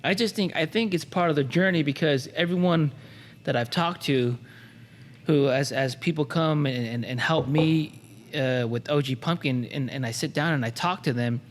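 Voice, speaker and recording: A man's voice: a little high, normal speed, in a large hall, a little hiss or hum. A man hosting a podcast, talking in a reflective way, often stopping and restarting. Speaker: podcast host.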